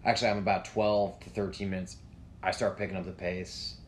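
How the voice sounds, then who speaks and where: A man telling a story in casual chat, animated and profane, jumping into a high yelp when he acts out his own panicked lines. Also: a little fast, a little hiss or hum.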